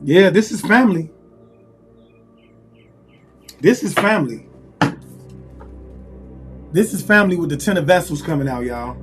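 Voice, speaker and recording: A man with a high-pitched voice gives a casual tarot reading, musing aloud and repeating himself as he calls on spirit. Soft music plays faintly behind him. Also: lively intonation, unhurried, long pauses. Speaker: tarot reader.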